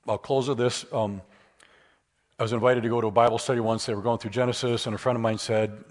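A man's voice: mid-range voice, fairly even intonation, quick pace. A man giving a public lecture with Q and A, conversational and emphatic, moving into stories. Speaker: guest speaker.

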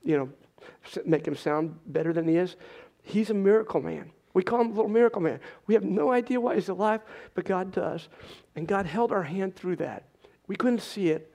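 A middle-aged male preacher with a somewhat high voice. He tells stories in a conversational way. He often clears his throat and restarts his sentences. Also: darkish tone. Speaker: pastor. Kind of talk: conversational storytelling sermon.

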